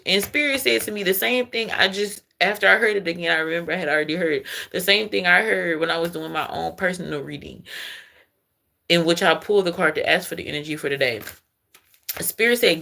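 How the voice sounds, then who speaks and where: Gravelly woman giving a card reading. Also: on the low side, moderate pace, fairly bright tone. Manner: chatty, calls listeners baby, keeps asking if you understand. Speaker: intuitive card reader. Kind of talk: casual spiritual card-reading monologue.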